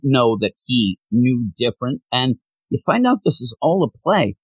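Rambling husky-voiced man chatting. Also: mid-range voice, normal speed, no echo. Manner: rambling, animated, jumps between tangents. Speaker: podcast co-host. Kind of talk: casual chat.

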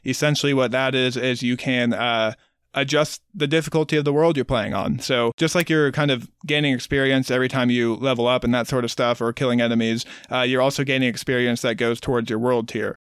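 Male podcast co-host, explainer type, smooth clean voice, dry close recording. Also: mid-range voice, fairly even intonation, brisk, fairly bright tone, dry recording. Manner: explanatory, walks through details. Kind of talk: casual chat.

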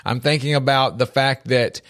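Speaking at normal speed with a medium-pitched voice, a middle-aged male podcast co-host tells an animated story during casual talk about faith and life. He repeats words as he starts his sentences.

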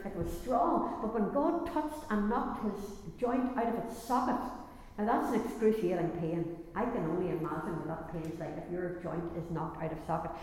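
A woman's voice: medium pitch, darkish tone. A woman preaching a sermon in an earnest way, often repeating and restarting phrases. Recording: very echoey hall reverb.

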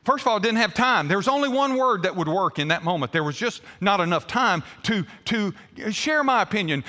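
Animated pastor with a high, bright voice. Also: male voice, brisk, in a large hall. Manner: animated, emphatic storytelling. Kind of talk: sermon.

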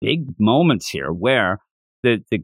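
Animated man recapping with acted-out lines. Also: on the low side, slow, dry recording. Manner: animated, acts out character lines in raised voices. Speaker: podcast co-host. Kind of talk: casual anime recap chat.

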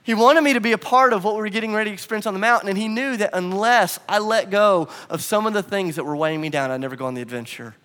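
Animated high-voiced male preacher. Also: fast, hardly any pauses, in a large hall. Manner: animated storytelling, acts out quotes. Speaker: pastor. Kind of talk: sermon.

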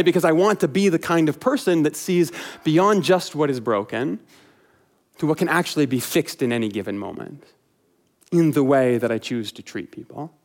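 A man preaches a sermon in a relaxed, conversational style. He slips in wry, knowing asides as he talks. His voice sits somewhat high for a man. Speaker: pastor.

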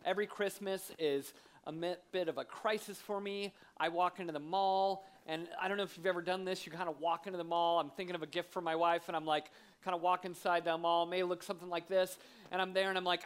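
A man's voice: high-pitched, fast talker, smooth. Man preaching with playful storytelling. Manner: lively, self-deprecating, acts out scenes. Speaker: guest preacher. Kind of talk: sermon with humorous storytelling. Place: church sanctuary.

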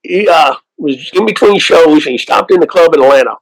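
A man's voice: on the high side, brisk, no room sound, low-quality recording. A man from Oklahoma, a waterfowl outfitter and guest, telling stories in an easygoing way and laughing often. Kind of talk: casual interview chat.

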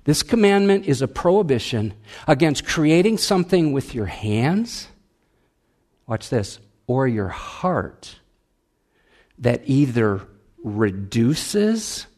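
A male pastor preaching a sermon, emphatic, with big swings between loud raised lines and low quiet ones. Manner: emphatic preaching with wide swings of pitch and loudness.

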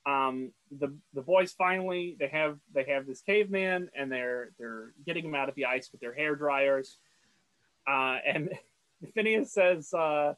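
A man's voice: on the high side, measured pace, fairly bright tone, clear, resonant tone, no echo, rough recording. A man co-hosting a casual podcast, recapping a cartoon episode in a rambling, stammering way. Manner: rambling, stammering, self-deprecating. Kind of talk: casual chat.

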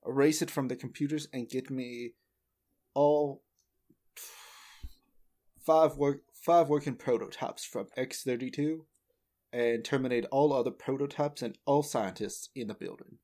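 A man's voice: mid-range voice, unhurried, pauses often, warm tone, lightly acted. A man putting on a drawling Southern fixer. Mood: smooth-talking. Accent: Southern US put-on. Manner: laughs often, slips out of character.

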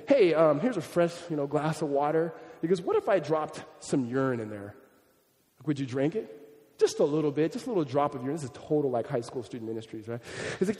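A man preaching a sermon as a pastor, animated and conversational, often restarting his sentences. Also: a little high, big-room sound.

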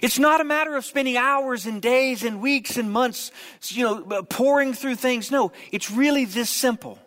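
Animated high-voiced preacher in a hall. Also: male voice. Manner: humorous, animated storytelling with quick asides. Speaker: pastor. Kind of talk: sermon.

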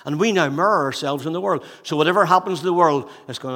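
A man preaches a sermon in a church hall, his voice bright and forceful. He speaks at a somewhat high pitch and builds his points through repeated rhetorical questions. A long reverb from the hall trails behind his words. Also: fast talker, few pauses. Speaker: pastor.

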